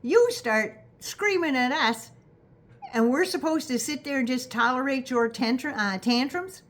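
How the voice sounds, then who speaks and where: An older Canadian woman with a Canadian accent giving a sarcastic, profane political rant straight to her viewers, scolding and rising into loud indignant bursts. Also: high voice, lively intonation, measured pace. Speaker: vlogger. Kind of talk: direct-address political rant.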